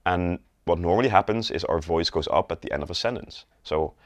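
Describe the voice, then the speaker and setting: This instructional sales video features a man with a very low voice, speaking briskly. The close-miked recording is dry and has no room sound. He illustrates rising, flat and falling tones through examples.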